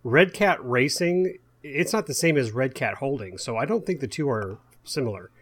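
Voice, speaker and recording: Podcast guy, calm and modest, middle pitched voice. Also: moderate pace, crowd noise. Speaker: podcast co-host. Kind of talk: casual chat.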